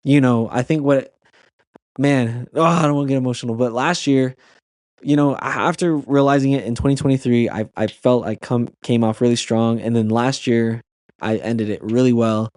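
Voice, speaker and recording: A man's voice: mid-range voice, steady tone, moderate pace, a little mellow, no room sound, clean studio sound. A man on a podcast as a guest and youth camp leader, telling a personal story in an earnest way, with many restarts and fillers.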